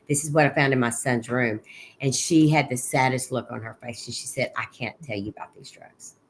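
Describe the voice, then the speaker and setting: A middle-aged woman, a guest on an interview podcast, recounting her son's final months in a halting way, with many restarts and recalled conversations. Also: extremely low pitch, a little hiss or hum. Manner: halting, with frequent restarts and quoted dialogue. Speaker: guest, bereaved mother. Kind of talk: personal account in an interview.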